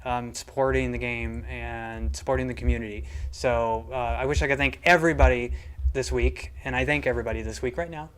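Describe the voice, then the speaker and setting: A host on a game live stream, upbeat and easily excited, reading out viewer tips and thanking the community. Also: medium pitch, clear, resonant tone. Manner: upbeat, excitable, quick bursts. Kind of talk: livestream hosting, reading tips and questions.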